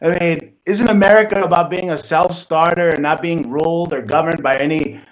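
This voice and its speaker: A man's voice: fairly high pitch, fairly even intonation, moderate pace, low-quality recording. A man hosting a talk show, talking in a loose, opinionated way full of fillers. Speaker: show host. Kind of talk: casual talk show conversation.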